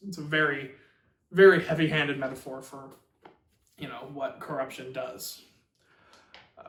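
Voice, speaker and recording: A man hosts a book channel and gives a chatty, rambling summary of a novel, full of fillers and quick restarts. His voice has a middling pitch. The sound is echoey, as if he sits some way from the mic in a bare room. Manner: rambling, filler-heavy, animated retelling. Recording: roomy echo, far from mic.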